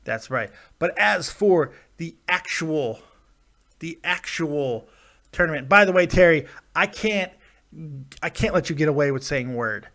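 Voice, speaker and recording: A man's voice: fairly high pitch, expressive, unhurried, fairly bright tone. A man hosting a live show in casual, rambling talk, joking and teasing himself. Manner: rambling, self-deprecating, jokey. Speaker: host.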